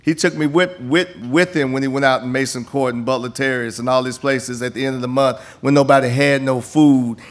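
An older man, a campus minister, stands before a church congregation in the sanctuary offering an appeal and testimony. He talks a little fast with few pauses, in a medium-pitched voice of fairly even intonation, and his folksy stories keep restarting.

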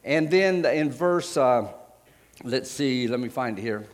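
A man preaching in a relaxed, conversational manner, retelling scripture stories in plain everyday words. He stops often to hunt for a verse, backs up, and corrects himself. His voice sits at a middle pitch. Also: takes it slowly, long reverb tail. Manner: conversational storytelling, retelling scripture in casual paraphrase; frequent fillers and self-corrections while finding verses. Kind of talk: sermon.

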